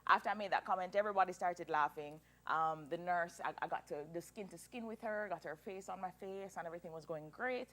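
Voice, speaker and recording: A woman in her thirties telling a personal story as an interview guest, animated and emotional, laughing through tears. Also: fairly low pitch, quick pace, few pauses. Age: 30s.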